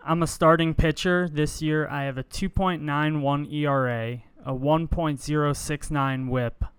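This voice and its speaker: A man co-hosting a podcast, reading out baseball stats and guessing players in measured, casual chat. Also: a little high, steady tone, clear, resonant tone, no room sound. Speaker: podcast co-host.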